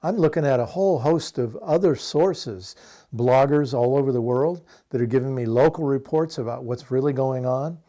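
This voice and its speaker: A man's voice: mid-range voice, normal speed, dark tone. A man in his sixties from the United States, an activist giving an earnest, impassioned interview answer with frequent fillers and restarts.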